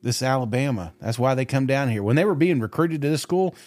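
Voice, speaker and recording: A man's voice: medium pitch, quick pace, darkish tone, no echo. A man co-hosting a sports podcast, talking animatedly and swearing freely, with many stammering restarts. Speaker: podcast co-host. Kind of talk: casual sports talk.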